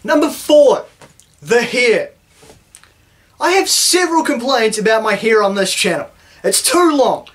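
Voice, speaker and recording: Sarcastic high-voiced New Zealand man. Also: lively intonation, a little slow, pauses often, fairly bright tone. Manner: sarcastic, profane, mock-indignant. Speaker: YouTuber. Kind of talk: sarcastic vlog rant.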